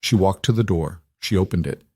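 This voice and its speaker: Low-voiced male story narrator. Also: fairly quick, darkish tone, breathy edge, no room sound, clean studio sound. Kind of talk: scripted narration.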